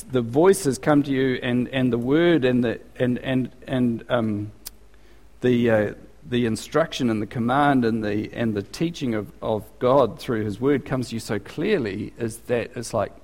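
Male preacher, conversational sermon, many restarts, average pitch, echoing church. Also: darkish tone. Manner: conversational, restarts often, acts out scenes.

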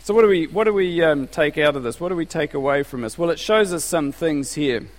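A man's voice: on the high side, a little fast. A man giving a conversational sermon as a pastor, asking rhetorical questions and telling stories. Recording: reverberant hall.

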